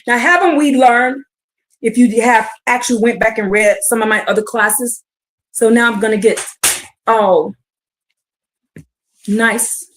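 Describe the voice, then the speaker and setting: A woman teaching a streamed bible class, reading scripture and preaching it out in slang, building to shouts. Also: on the high side, a little slow, long pauses.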